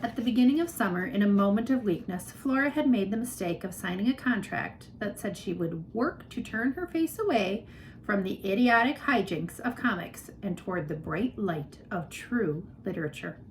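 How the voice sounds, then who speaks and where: A woman narrating a children's novel aloud in an expressive storytelling manner. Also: medium pitch, normal speed, a little hiss or hum, poor audio. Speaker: reader.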